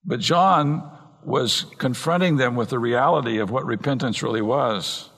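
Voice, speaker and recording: A man preaching an earnest expository sermon from the pulpit, slowing down and speeding up to stress points. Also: medium pitch, vocal fry, fairly bright tone, breathy edge. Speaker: pastor. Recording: long reverb in a large hall.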